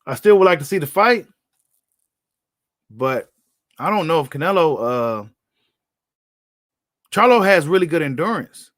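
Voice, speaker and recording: Guy on a boxing livestream, kinda high voice, blunt and slangy, dry close sound. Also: expressive, measured pace, pauses often, a bit bright, no room sound. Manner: blunt, slangy, repeats himself. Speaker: boxing commentator host. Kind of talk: casual live-stream commentary.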